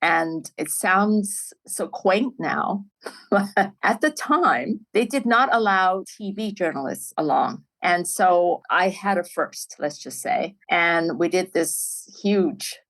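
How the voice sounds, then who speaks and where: A middle-aged woman, a filmmaker guest on a podcast, telling stories in an animated way and laughing often. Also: fairly low pitch, takes it slowly, gravelly, low-quality recording. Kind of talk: storytelling in a podcast interview.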